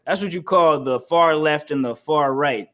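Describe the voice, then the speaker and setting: A man's voice: on the high side, normal speed, pushed and bright. Emphatic man teaching a scripture class. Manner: emphatic, repetitive, laughs between points. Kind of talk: preaching-style scripture lesson.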